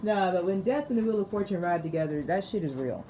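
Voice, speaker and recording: Low-pitched lady doing a chatty tarot reading, laughs a lot, bit of hiss behind her. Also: animated, quick pace, mellow. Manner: laughs often, repeats phrases for emphasis, uses slang. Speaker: tarot reader. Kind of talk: casual tarot reading to viewers. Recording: noticeable background noise.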